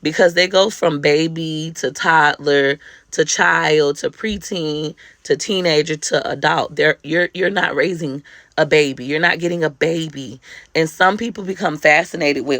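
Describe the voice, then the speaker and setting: A woman's voice: deep voice, normal speed, fairly bright tone, no echo, clean studio sound. A woman talking candidly to camera as a mother, emphatic, heartfelt and blunt. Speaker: mother sharing life advice. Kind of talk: candid personal monologue to camera.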